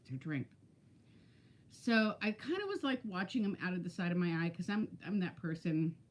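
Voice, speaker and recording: A woman's voice: fairly low pitch, animated, a little fast. A woman in her fifties chatting casually on a live stream, telling stories and greeting viewers by name. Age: 50s. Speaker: weight-loss vlogger.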